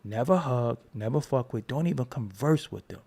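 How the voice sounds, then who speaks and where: A man's voice: medium pitch, expressive, moderate pace, vocal fry, darkish tone, breathy edge. A middle-aged man from Brooklyn, ranting on a livestream. He is confrontational, profane and mocking, and he laughs between jabs. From Brooklyn, New York. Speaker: livestreamer answering chat. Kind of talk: heated livestream rant.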